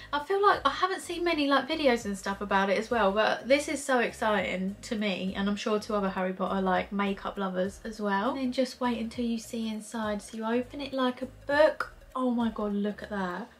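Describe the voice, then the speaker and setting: A young woman reviewing makeup in a chatty, excitable vlog, peppering her talk with fillers. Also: a little high, normal speed. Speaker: beauty vlogger. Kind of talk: casual product review.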